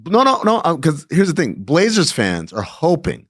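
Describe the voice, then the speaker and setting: A man co-hosting a comedic sports talk show, joking and swinging his voice high and low. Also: wildly swooping pitch, moderate pace, a bit bright. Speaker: co-host.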